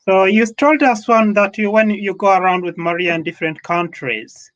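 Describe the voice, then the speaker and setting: A man's voice: high-pitched, moderate pace, fairly bright tone, highs cut off. A man from London hosting an interview over a video call, asking questions carefully and searching for words. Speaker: host.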